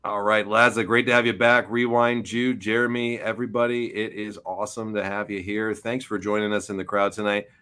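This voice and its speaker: A man's voice: fairly low pitch, flat delivery, fairly quick, few pauses, sharp tone, clear, resonant tone. A man in his forties hosting a wrestling podcast, talking loosely and tripping over his words as he signs off. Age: 40s. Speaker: podcast host. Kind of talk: casual chat, show sign-off.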